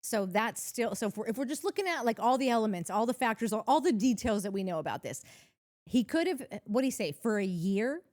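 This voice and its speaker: A woman's voice: fairly high pitch, lively intonation, fairly quick, darkish tone. A young woman co-hosting a podcast, chatting in a rambling, giggly way with lots of restarts. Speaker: podcast co-host. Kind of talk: casual recap chat.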